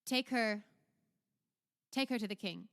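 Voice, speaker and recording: A commanding male duke, voiced by a woman, stern and curt in a tabletop game. He speaks in short, authoritative orders. The voice is smooth and clear. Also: medium pitch, a little slow, big-room sound.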